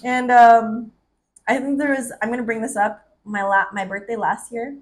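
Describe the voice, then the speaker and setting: A woman in her twenties co-hosting a podcast, telling stories in an animated way with frequent laughter. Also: fairly high pitch, normal speed. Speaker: podcast co-host. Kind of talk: casual chat.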